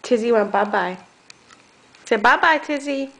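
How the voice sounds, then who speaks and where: A woman using slow, sing-song baby talk as she coaxes a toddler at home, recorded on a home video camera. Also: on the high side, noisy background. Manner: sing-song, coaxing, playful. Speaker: caregiver playing with a toddler.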